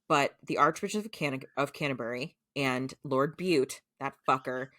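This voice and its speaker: American woman podcaster, really low deep voice, rambly show recap, swears a lot, lots of "like". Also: moderate pace, bright, forceful tone, no echo, studio quality. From United States. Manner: chatty, swears freely, heavy use of fillers like "like" and "um". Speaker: podcast co-host. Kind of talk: casual chat recapping a show.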